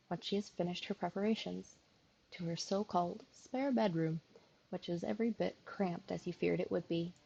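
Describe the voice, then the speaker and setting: A sleepy woman streamer reading a visual novel aloud, with a gravelly, husky voice. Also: fairly low pitch, a little mellow, lo-fi sound. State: sleepy, yawning.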